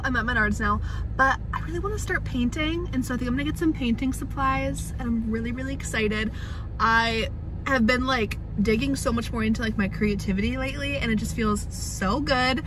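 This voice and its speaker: A woman's voice: fairly high pitch, brisk, noisy background. A young woman vlogging in a bubbly, chatty way, filling her talk with "like". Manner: bubbly, chatty, heavy use of "like". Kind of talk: casual vlog chat.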